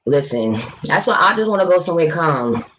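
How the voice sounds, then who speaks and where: A woman's voice: sits low, slight background noise, poor audio. A woman, a mother, chatting casually on a livestream and reading out viewer comments. Blunt, outspoken and often profane. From New York City. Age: adult mother of young children. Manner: fast, animated rants. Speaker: vlogger.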